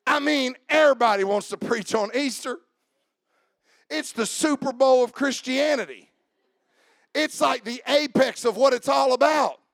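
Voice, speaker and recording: A pastor preaching with a high, gravelly voice. He swings from loose asides to loud, shouted refrains. The sound is close and dry. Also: unhurried, dry recording. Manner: builds to shouted, preaching climaxes. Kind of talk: sermon.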